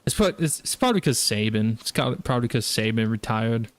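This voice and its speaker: A man's voice: medium pitch, expressive, fairly quick, slight background noise. A man with a Southern US accent chatting casually while streaming a game, rambling with lots of fillers and restarts. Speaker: gaming streamer. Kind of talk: casual live-stream chat while gaming.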